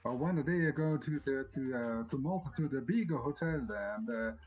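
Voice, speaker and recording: A man telling a joke in the voice of a bumbling Italian tourist, in put-on Italian-accented broken English with deadpan delivery. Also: mid-range voice, normal speed, muffled recording, voice pushed down, natural voice. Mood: joking.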